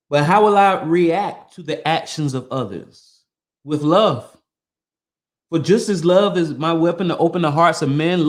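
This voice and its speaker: A man's voice: a little high, a little mellow. A man hosting a podcast, reading a motivational text aloud in an earnest, emphatic way and breaking off for casual asides. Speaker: podcast host.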